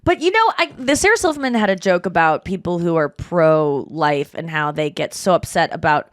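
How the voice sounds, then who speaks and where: A woman's voice: on the low side, lively intonation, moderate pace. Chatty woman podcast host. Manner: chatty, self-deprecating storytelling. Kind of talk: casual chat.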